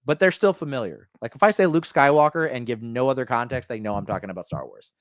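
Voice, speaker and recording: A man in the middle of his pitch range, hosting a casual pop-culture podcast. He rambles, restarting sentences and leaning on fillers. His voice sits close and dry with no room around it. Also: fast talker, no room sound. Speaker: podcast host.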